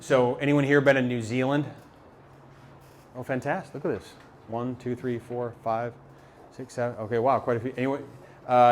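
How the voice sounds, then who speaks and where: A man telling a story live to an audience, animated and halting, with many repeated words and fillers. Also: mid-range voice. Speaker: motivational speaker. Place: talk venue with a live audience.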